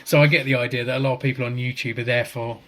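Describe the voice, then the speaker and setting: A man's voice: medium pitch, rapid-fire, slight background noise. Man reading viewer comments on a podcast. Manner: relaxed, chuckles often, stumbles and restarts. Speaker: podcast co-host. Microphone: video call.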